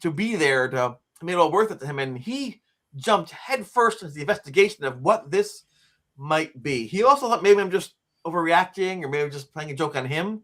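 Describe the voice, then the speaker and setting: A man of about sixty, a guest on an interview show, telling a personal story in a lively way and acting out the quotes. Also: fairly high pitch, moderate pace. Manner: lively, acts out quotes and screams, frequent "like" fillers. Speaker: interview guest, author and teacher.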